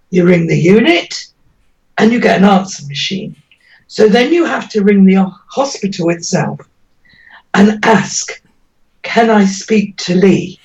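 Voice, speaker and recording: Woman interviewee, emotional and pleading, slow delivery, far from the mic. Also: mid-range voice, a little mellow. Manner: earnest, pleading, voice breaking with emotion. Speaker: interviewee, mother. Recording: dull lo-fi audio, distant from mic.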